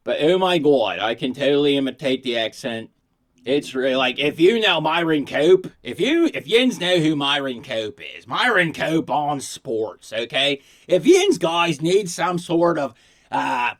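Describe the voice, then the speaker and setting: A middle-aged man from Pittsburgh riffs through a comic monologue. He speaks without a regional accent. His delivery is crude and rambling, and he is quick to poke fun at himself. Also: on the high side, fairly bright tone. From Pittsburgh, USA. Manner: crude, rambling, self-mocking. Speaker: comedian vlogger. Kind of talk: comedic monologue.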